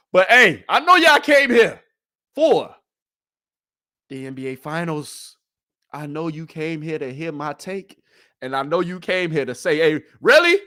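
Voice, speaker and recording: A man hosting a sports show, talking casually with slang and teasing his listeners, moving from a motivational pep talk into sports commentary. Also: medium pitch. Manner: animated, conversational, teasing the audience. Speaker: sports podcast host.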